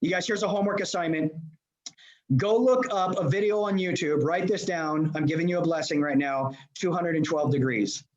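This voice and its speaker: Male leadership coach, high voice, energetic, talks straight at the audience; dull video-call sound. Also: normal speed. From Los Angeles. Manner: energetic, addresses audience directly. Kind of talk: motivational seminar talk. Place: remote presentation to a live room.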